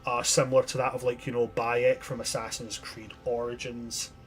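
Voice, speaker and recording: A man's voice: medium pitch, little pitch movement, normal speed, faint music behind. A man narrating a tabletop game as game master, descriptive and chatty with frequent restarts.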